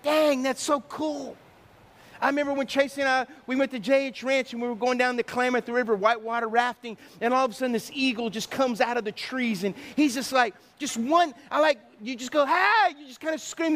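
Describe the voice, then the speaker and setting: A man's voice: very high voice, fairly quick, few pauses. A middle-aged man preaching a sermon, telling stories with sound effects and acted asides. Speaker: pastor.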